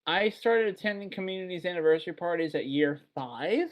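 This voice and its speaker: A man's voice: sits high, lively intonation, a little fast. A man from Texas hosting a casual beer podcast, chatty and rambling, swearing offhand. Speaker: podcast host. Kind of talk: casual chat.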